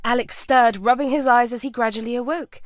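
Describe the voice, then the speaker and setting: A woman reading a scripted story as narrator, measured and even. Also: fairly high pitch, no room sound, studio quality.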